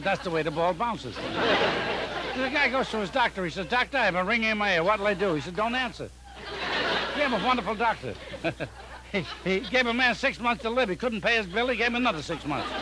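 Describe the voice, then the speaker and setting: A comedian telling rapid-fire deadpan jokes on a telephone joke line. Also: male voice, high voice. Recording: noisy archival recording with clicks.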